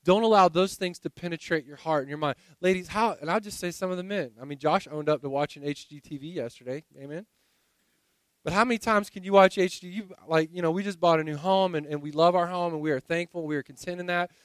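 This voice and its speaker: A man delivering a sermon in a loose, conversational way, often doubling back on his words. His voice sits high and sounds smooth and resonant. The recording is close and dry. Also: fast, dry recording. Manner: conversational preaching with frequent repeated words. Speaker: pastor.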